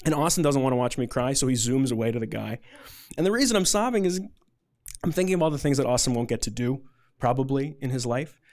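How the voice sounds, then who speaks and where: A man's voice: mid-range voice, lively intonation, fast, a little mellow. A man telling a personal story to an audience, conversational and rambling, with a self-deprecating, emotional edge.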